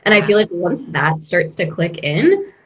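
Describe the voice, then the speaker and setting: A woman guest coach talking in a casual podcast interview, expressive and rambling, laughing often. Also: fairly low pitch, normal speed, highs cut off.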